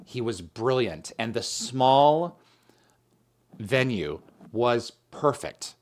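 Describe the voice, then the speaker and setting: A man's voice: medium pitch, animated, very slow. A man hosting an interview, chatting casually and agreeing with enthusiasm. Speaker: host.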